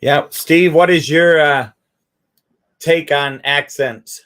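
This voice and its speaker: A man's voice: on the high side, fairly even intonation, takes it slowly, fairly bright tone. A man hosting an online chat room, upbeat and affirming as he brings speakers up. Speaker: host. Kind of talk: casual chat in an audio room.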